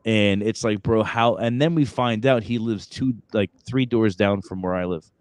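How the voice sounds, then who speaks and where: Low-voiced New man hosting. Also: normal speed, a little mellow, clean tone, no echo. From Brooklyn, New York. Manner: rambling storyteller, lots of fillers and restarts. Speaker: podcast host. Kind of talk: casual podcast chat.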